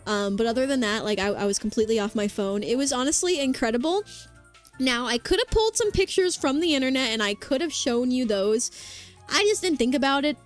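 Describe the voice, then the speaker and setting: A woman's voice: sits high, a little fast. Bubbly, rambling streamer woman with faint music. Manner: bubbly, rambling, many fillers. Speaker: vtuber streamer. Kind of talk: casual chat with live chat.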